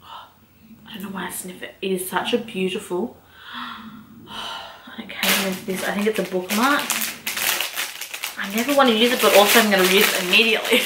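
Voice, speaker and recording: A young woman vlogger chatting excitedly through an unboxing, gushing and exclaiming, with casual swearing. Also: medium pitch, moderate pace, long pauses. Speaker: book vlogger. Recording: echoey room, faint noise.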